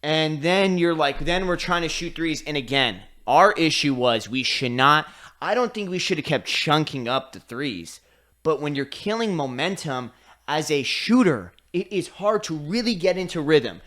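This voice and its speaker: A man co-hosting a podcast, ranting in casual chat, swearing freely and acting out quick impressions. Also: fairly high pitch, expressive, fairly bright tone. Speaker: podcast co-host.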